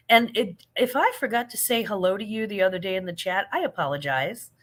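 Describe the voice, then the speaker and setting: Brisk and a bit bright, a medium-pitched woman talks with hardly any pauses. Middle-aged and hosting a casual live chat, she responds to viewers with laughs and warmth while yawning sleepily.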